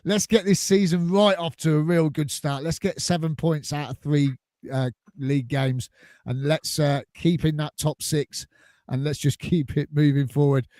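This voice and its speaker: A man's voice: fairly high pitch, fairly even intonation, moderate pace, darkish tone, no room sound. A man hosting a casual fan podcast, bantering and laughing often. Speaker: podcast host. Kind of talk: casual chat.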